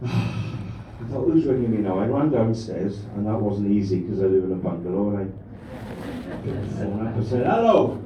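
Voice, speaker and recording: A man's voice: fairly low pitch, moderate pace, mellow, slight background noise. A man doing a crude, rambling stand-up routine and bantering with the crowd. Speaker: stand-up comedian. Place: comedy club stage. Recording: echoey room, mic from a distance.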